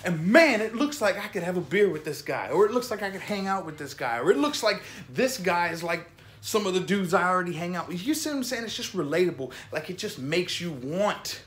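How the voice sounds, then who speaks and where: Male vlog host from Florida, high-pitched, excitable and rambling, full of "man" and "you know". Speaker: music reaction vlog host. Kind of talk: casual enthusiastic commentary.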